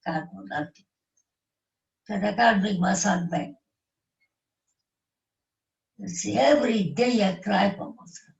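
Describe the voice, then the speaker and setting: A woman in her nineties from South Africa with a South African Indian English accent, telling her life story in halting, broken English while grieving. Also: medium pitch, creaky, far from the mic. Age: 90s. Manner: slow, halting broken English with short phrases. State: grieving, emotional. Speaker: interview guest. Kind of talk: tearful life-story recollection. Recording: echoey dull live-stream audio.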